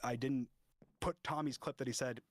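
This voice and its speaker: A man explaining himself in a livestream discussion, halting and restarting often with many fillers. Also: mid-range voice, fairly even intonation, slight background noise. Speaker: interview guest.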